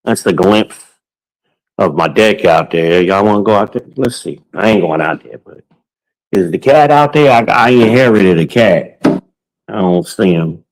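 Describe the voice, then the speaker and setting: A man's voice: on the low side, expressive, a little slow, low-quality recording. A podcast host talks casually to viewers while walking through his home, boastful and joking, swearing freely.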